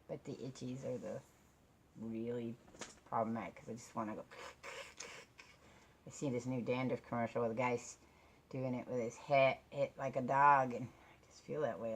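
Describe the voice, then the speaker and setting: A woman's voice: a bass voice, gravelly, a little hiss or hum. A middle-aged woman chatting to camera in her own vlog, rambling and self-deprecating, laughing often as she talks. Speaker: vlogger. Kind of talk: casual chat to camera.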